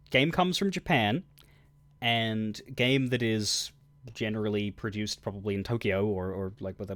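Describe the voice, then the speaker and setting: A man's voice: on the low side, a bit bright, no room sound. A man streaming a game, chatting casually in a rambling, wry and crude way. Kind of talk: casual livestream commentary.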